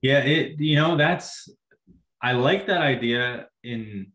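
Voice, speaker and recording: A man, a social worker, talking through his thoughts in a casual podcast conversation, halting and restarting his sentences. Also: mid-range voice, fairly bright tone, reverberant.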